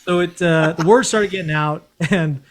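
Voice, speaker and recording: A man's voice: fairly high pitch, normal speed. A man, a former Green Beret, telling stories casually as a podcast guest, blunt and profane. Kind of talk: casual storytelling.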